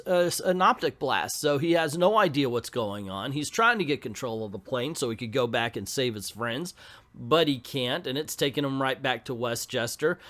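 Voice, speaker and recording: A man's voice: on the high side, fairly bright tone. A man hosting a comic book video, recapping a story in a casual, chatty way with joking asides.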